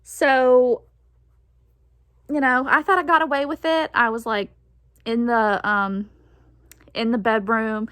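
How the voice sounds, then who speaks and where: A chatty young woman tells a personal story, laughing often and putting on the voices of the people she quotes. Her voice sits a little high, and the recording is close and dry with no room sound. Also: slow pace, long pauses, a bit bright, no room sound. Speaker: vlogger. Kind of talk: casual storytime.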